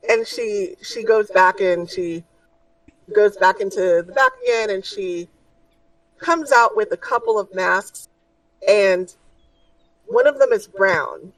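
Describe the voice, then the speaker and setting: A woman's voice: medium pitch, sing-song, takes it slowly, long pauses, no echo, recorded from a distance, rough recording. A woman narrating as game master of a tabletop game, in loose, rambling narration full of fillers.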